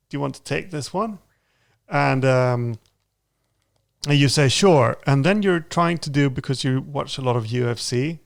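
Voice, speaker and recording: A podcast host tells a lively anecdote during casual chat, laughing as he goes. His ordinary-pitched voice carries a gravelly, creaky edge, and he animatedly acts out the voices of the people in his story.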